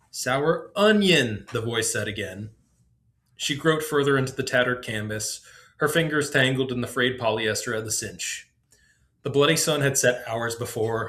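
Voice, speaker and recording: A man reads his own story aloud on his podcast. His narration is measured and descriptive, at a middling pitch. He keeps a steady storytelling pace. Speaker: podcast host.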